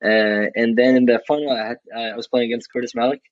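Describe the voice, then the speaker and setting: Speaking fast with a medium pitch and fairly even intonation, this young adult college athlete tells a story as a guest in a casual interview. He's frank and blunt, swears freely, and keeps restarting sentences, and the recording is dull and dry with no echo.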